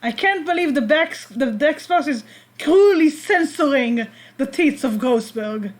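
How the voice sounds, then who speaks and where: A woman's voice: high-pitched, lively intonation, a little slow, poor audio. A woman from Israel with an Israeli accent, streaming a game and making wry asides. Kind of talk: game reading livestream.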